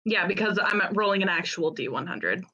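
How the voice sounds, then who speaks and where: A woman's voice: mid-range voice, expressive, brisk, crowd noise. A woman playing a tabletop game, talking hesitantly and correcting herself. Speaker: player. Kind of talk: casual game chat. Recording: dull lo-fi microphone.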